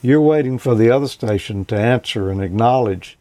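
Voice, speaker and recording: A man hosting a show and casually explaining a technical topic, relaxed and folksy, with lots of "you know.". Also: mid-range voice, fairly quick, dry recording. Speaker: host.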